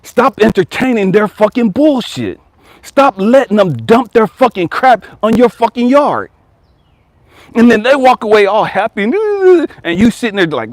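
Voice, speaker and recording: Male life coach, blunt and profane, preachy rant; slightly high voice, dry close mic. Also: big pitch swings, a little slow, no room sound.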